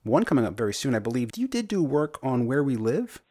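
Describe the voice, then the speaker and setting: A man hosting an interview, asking questions in a polite, measured way. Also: mid-range voice, big pitch swings, darkish tone, no echo, studio quality. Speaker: interviewer, host.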